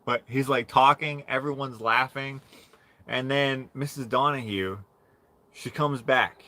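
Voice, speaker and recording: A man's voice: mid-range voice, unhurried, pushed and bright. A man on a livestream telling a rambling story in a casual way and laughing through it. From Canada. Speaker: livestream host.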